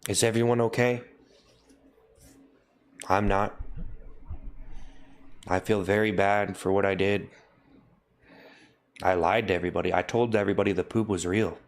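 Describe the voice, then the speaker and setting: Deadpan low-voiced man streaming a mock apology. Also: moderate pace, pauses often. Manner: repetitive, deadpan mock confession. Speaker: livestream host. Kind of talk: mock-solemn livestream apology.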